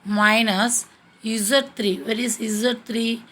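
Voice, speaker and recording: A woman's voice: fairly high pitch, flat delivery, slow pace, a bit bright. A woman teaching a maths lesson step by step, checking in with frequent "okay"s. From India.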